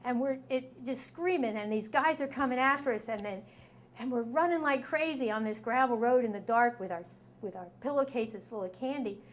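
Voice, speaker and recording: A woman's voice: on the high side, normal speed. A middle-aged woman telling a story on stage before a live audience, acting out the voices in it with sudden screams. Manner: lively, acts out quoted voices with sudden screams.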